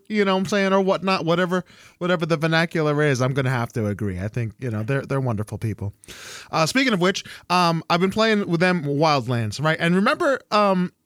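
Young guy hosting a chat, bouncy lively voice, dry close sound, gets squeaky doing other people. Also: dry recording. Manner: animated, jumps high when quoting people. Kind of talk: casual storytelling chat.

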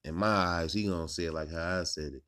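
A man hosting a podcast in casual late-night chat at home, talking in a profane, rambling, animated way while tipsy. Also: deep voice, fast. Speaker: podcast host.

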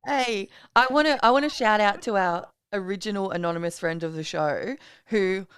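A woman's voice: medium pitch, normal speed, fairly bright tone, clear, resonant tone, dry recording, clean studio sound. A woman co-hosting a podcast, chatting casually with blunt, crude humour and heavy swearing. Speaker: podcast co-host. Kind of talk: casual chat.

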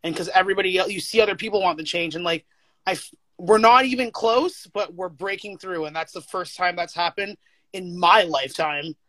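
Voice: mid-range voice, brisk, sharp tone, dry recording. A teacher as a guest in a casual chat, talking candidly with frequent swearing and filler words. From United States.

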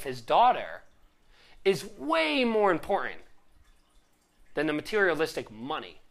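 A motivational life coach talking conversationally, with a voice that rises and falls a great deal. The delivery is animated and chatty, and it keeps checking in with the listener with a quick "right?". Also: medium pitch. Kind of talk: motivational talk.

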